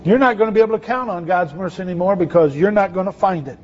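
A man's voice: high voice, fast talker, a little mellow, highs cut off, a little hiss or hum. A man preaching a sermon in a conversational way, asking his listeners questions. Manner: conversational, asks the audience questions.

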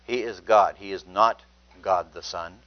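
Man, preacher, low voice, earnest and emphatic, dull lo-fi recording. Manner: earnest, emphatic, slows down to stress words. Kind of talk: sermon with scripture reading. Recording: dull lo-fi sound.

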